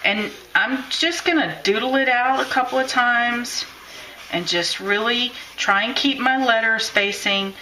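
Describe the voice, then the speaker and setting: Woman craft teacher, crisp and bright, chatty and encouraging, echoey room. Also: on the high side, unhurried, slight background noise. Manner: chatty, encouraging, thinks aloud while drawing. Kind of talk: live-streamed craft lesson.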